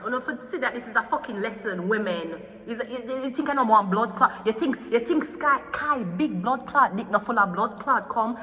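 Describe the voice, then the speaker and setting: A woman's voice: on the high side, expressive, normal speed, hardly any pauses, bright, forceful tone, long reverb tail. Profane, heated woman ranting. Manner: profane, heated, swearing often. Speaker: tarot reader. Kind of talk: ranting gossip commentary.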